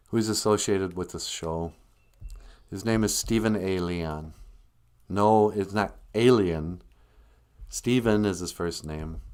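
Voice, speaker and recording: A man's voice: fairly low pitch, darkish tone, clear, resonant tone. A man hosting a casual language livestream, chatting in a rambling, joking way.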